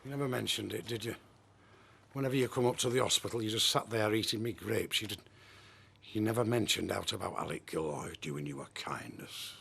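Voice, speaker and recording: A jealous, gravelly landlord. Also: male voice, lowish voice, quick pace, pushed and bright, a little hiss or hum. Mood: accusing. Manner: suspicious, accusing, muttering. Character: jealous, grumbling older male pub landlord. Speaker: pub landlord. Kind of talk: television soap drama.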